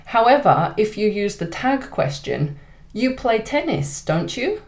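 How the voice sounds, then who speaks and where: A woman with a British accent teaching an online English lesson, speaking clearly and deliberately. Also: medium pitch. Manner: clear, deliberate teaching delivery with exaggerated example intonation.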